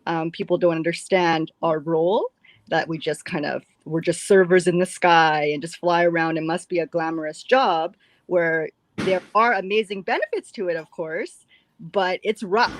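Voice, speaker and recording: A woman's voice: fairly low pitch, fairly even intonation, moderate pace. A woman chatting casually as a livestream guest, talking about her online work and laughing often. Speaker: guest, former cabin crew content creator.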